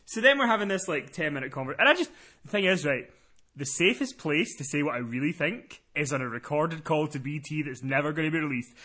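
A young man hosting a podcast, telling a story in a casual, animated way and swearing freely. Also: fairly high pitch, fairly quick. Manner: animated, profane, laughing storyteller. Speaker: podcast host.

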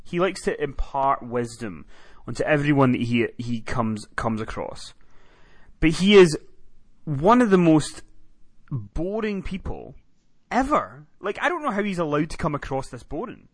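A man's voice: a little high, measured pace, husky, no echo. A man co-hosting a podcast, telling stories animatedly and acting out quotes. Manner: animated storytelling, acts out quotes. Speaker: podcast co-host. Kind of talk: casual chat about reality TV.

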